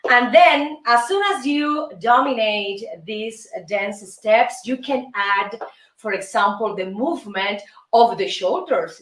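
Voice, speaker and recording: A woman's voice: a little high, takes it slowly. A Cuban woman with a Cuban Spanish accent hosts her show and teaches basic salsa steps, counting them out in a friendly, coaxing way. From Cuba. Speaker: show host and dance teacher. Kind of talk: casual show hosting with a salsa lesson. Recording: echoey room, voice picked up from a distance, music in the background.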